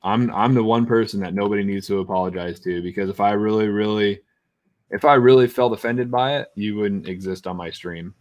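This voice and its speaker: Rich: A middle-aged man with a fairly low voice talks on a live gaming stream. He is blunt and emphatic, stacking up repeated words to make his point in casual chat. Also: a little fast, darkish tone.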